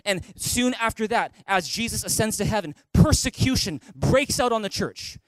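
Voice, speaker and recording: A male pastor delivers a sermon from a church stage in a fairly high voice. His sound is dry and close, with little room around it. He builds to emphatic peaks and keeps putting questions straight to the listeners. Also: animated, normal speed, dry recording. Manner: direct, asks the listeners questions.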